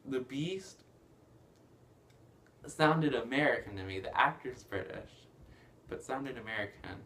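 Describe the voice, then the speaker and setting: A man casually recapping a film plot, rambling with lots of fillers and bursts of excitement. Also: mid-range voice, unhurried. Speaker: movie reviewer.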